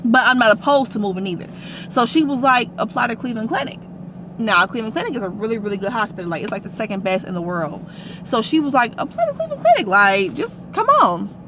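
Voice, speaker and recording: A young adult woman telling a personal story to her vlog audience in a casual, animated and emphatic way. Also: a little high, fast, noisy background. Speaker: vlogger.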